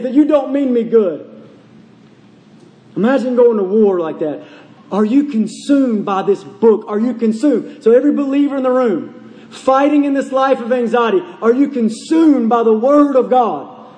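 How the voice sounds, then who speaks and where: A man's voice: extremely high pitch, a little mellow. A man preaching a sermon to his congregation, pressing them with urgent, repeated questions. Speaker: pastor. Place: church sanctuary. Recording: long reverb of a large hall.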